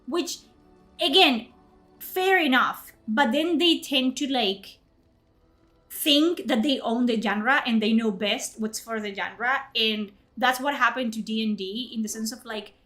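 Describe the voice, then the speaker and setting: A woman's voice: a little high, measured pace, a bit bright. A young woman streaming live, ranting in casual chat with indignant outbursts and swearing. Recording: faint music behind.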